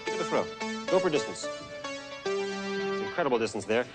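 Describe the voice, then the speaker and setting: A man hosting a stage magic show, leading an audience volunteer with playful, smooth patter. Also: mid-range voice, very animated, normal speed. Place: theater stage before a live audience. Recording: live TV broadcast with a loud crowd. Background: audience applause and music.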